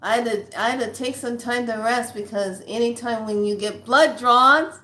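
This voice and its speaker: A woman in her sixties, a spiritual vlogger, chats to camera in a slightly high, pushed, bright voice at a moderate pace. She tells her viewers a personal story in a blunt, earthy way, calling them "lovelies."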